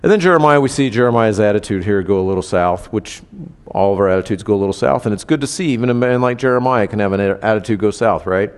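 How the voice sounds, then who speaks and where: A man preaching in a conversational style, animatedly acting out quoted voices with big swings in pitch. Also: quick pace, smooth, big-room sound. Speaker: pastor. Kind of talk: conversational sermon.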